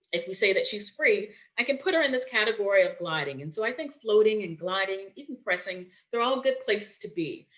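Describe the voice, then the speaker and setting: Woman presenting a webinar, lowish voice, chatty, lots of um and right. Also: a bit bright. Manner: conversational, checks in with "right?", frequent fillers.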